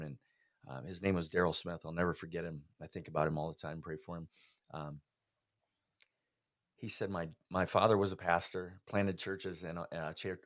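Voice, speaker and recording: A man with a strikingly deep, low voice speaks as a podcast guest. He tells his own story in an earnest, heartfelt way, as a personal testimony. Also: a bit bright.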